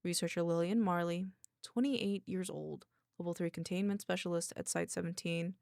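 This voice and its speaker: A woman voicing a stern young woman researcher held in containment, speaking curtly and formally in a deepened voice. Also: steady tone, vocal fry, darkish tone, no echo, studio quality. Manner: curt, formal, deliberately deeper voice.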